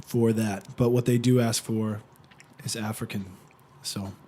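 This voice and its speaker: A man's voice: fairly low pitch, flat delivery, unhurried, dark tone. A man from Canada, an actor guest, chatting casually in a teasing, slangy way and laughing often. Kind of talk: casual chat.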